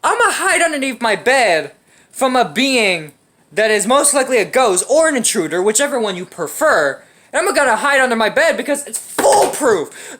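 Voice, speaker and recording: A woman's voice: a little high, fairly bright tone. A woman voicing a smug, careless teenage boy in a sarcastic mock monologue. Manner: sarcastic mock self-talk.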